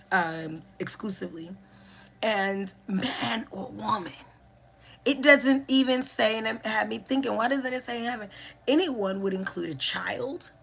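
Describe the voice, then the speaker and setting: A woman teaching as a spiritual educator and healer, speaking deliberately and repeating key phrases for emphasis. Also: medium pitch, vocal fry, fairly bright tone, a little hiss or hum. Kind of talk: reflective spiritual teaching monologue.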